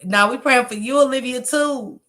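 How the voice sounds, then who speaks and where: A woman runs a casual livestream, loosely chatting with viewers and reading their comments out loud. She's slangy and salty, swearing freely and laughing a lot, with a high voice and normal speed.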